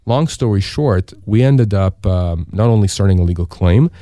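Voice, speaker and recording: A man's voice: on the low side, expressive, moderate pace, dark tone, no echo, clean studio sound. A middle-aged man, a lawyer from Canada, giving emphatic advice on a radio talk show and asking himself questions to drive points home. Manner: emphatic, repeats rhetorical questions. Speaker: disability insurance lawyer, guest.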